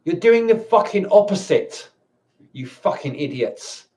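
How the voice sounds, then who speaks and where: A man's voice: high-pitched, very animated, a little slow, a little mellow. A man ranting angrily to camera, swearing and stumbling over his words with many restarts. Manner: angry, swearing, stammering restarts. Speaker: vlogger. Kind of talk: angry ranting monologue.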